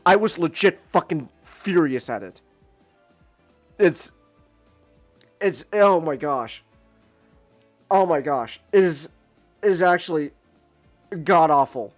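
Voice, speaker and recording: Podcast host, male, high voice, dry close mic, stammering rant that swings from mutters to near-shouts. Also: expressive, slow, pauses often, dry recording, faint music behind. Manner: stammering, repeats words, swears, swings from mutters to near-yells. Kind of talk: casual ranting review.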